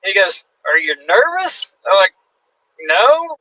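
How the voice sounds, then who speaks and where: A man in his forties spins a backstage story with a high, swooping voice. He jumps into each quoted line and swears freely. His tone is bright and lively. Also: a little slow, pauses often, a little hiss or hum, poor audio. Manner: animated, acts out quotes in shifting voices. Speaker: guest wrestler. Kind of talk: casual storytelling.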